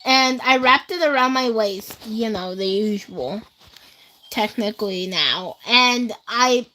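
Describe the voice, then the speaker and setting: A teenage girl livestreams school stories to her chat, speaking slowly but animatedly in a fairly high, bright, forceful voice over a rough recording. She's chatty and rambling, uses plenty of fillers, and talks straight to her viewers.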